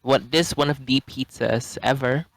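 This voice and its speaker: Very deep-voiced playful woman. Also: a little slow, no room sound, low-quality recording. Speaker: player. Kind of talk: casual tabletop game chat.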